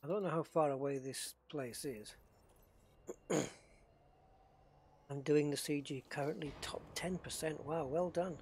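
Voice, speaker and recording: A man hosts a casual live game stream, reading out viewer names and talking through his moves. His voice sits a little high and has a husky edge. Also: measured pace, long pauses, darkish tone. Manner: chatty, greets viewers by name, thinks aloud.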